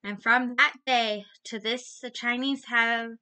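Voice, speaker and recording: A woman with a high, bright voice reads a bedtime story in a gentle storytelling manner. She speaks straight to her viewers as the show's storyteller. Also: steady tone, slow, smooth, poor audio. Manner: gentle storytelling with soft sighs.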